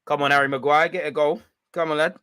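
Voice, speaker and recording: A young man hosting a football watch-along, reacting loudly in slangy, shouty commentary. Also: a little high, fast talker, smooth, dry recording. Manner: excitable, shouty and slangy, chanting and yelling at the referee.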